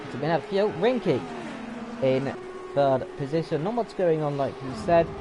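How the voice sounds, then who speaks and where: A man's voice: on the high side, animated, moderate pace. A man giving live sim racing commentary in a chatty way, often unsure and correcting himself mid-call. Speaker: race commentator. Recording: game engine noise loud behind voice. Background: racing game car engines.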